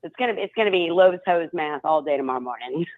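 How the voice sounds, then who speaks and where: A woman talking in casual chat, animated and quick to laugh, with some swearing. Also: on the low side, no room sound. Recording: dull lo-fi sound.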